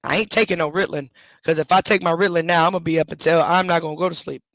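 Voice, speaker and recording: A woman's voice: fairly low pitch, steady tone, racing, a bit bright, no echo, clean studio sound. A woman hosting a casual livestream, scolding her dogs and chatting to her viewers. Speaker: livestream host.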